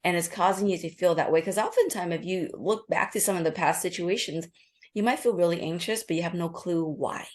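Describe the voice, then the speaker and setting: Quick, earnest woman explaining a method. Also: fairly low pitch, darkish tone. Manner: acts out inner voices in quoted asides. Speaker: author and nurse practitioner guest. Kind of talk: explaining a calming method in an interview.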